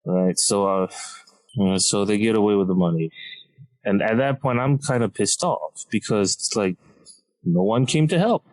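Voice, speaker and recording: A man, a comedian telling a story on a podcast in an animated, self-mocking way and laughing mid-sentence. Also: on the low side, normal speed, no echo, rough recording. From Malaysia.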